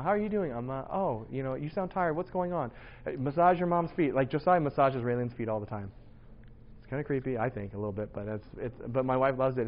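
A man in his forties giving a casual, lively sermon to teenagers. He tells stories about his children, acts out their voices and laughs often. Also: medium pitch, lo-fi sound. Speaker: youth pastor.

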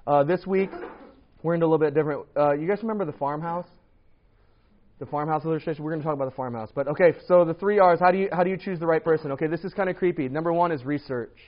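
A man preaching a casual, lively sermon to a congregation, often asking "right?" and acting out what people say. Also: a little high, rapid-fire. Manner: lively, rhetorical, acts out quoted voices. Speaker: pastor. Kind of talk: sermon on dating and marriage. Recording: dull lo-fi recording.

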